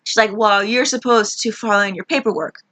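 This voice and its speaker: A woman's voice: mid-range voice, a little fast, bright, forceful tone, no room sound. A young woman telling a frustrated, rambling story about her job, swearing a lot as she vents. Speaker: vlogger. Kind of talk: ranting personal story.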